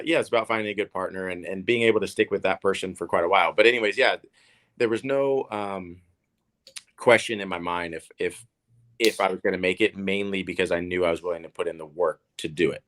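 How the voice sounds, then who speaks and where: Man, low voice, from Oklahoma, casual interview guest, rambling, lots of fillers and restarts. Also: a little fast, a bit bright. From Oklahoma, USA. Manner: rambling, repeats words, many fillers. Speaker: guest, professional tennis player.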